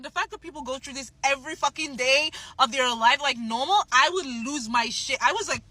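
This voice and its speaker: A young woman with a bright, slightly high voice tells a story to camera. She talks in a lively, expressive way and swears now and then. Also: a little fast, few pauses, dry recording. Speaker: salesperson.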